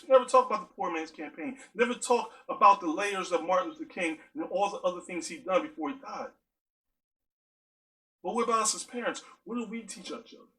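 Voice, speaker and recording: A man's voice: sits high, sharp tone, low-quality recording. A man giving an earnest spoken monologue, driving his points home with strings of rhetorical questions.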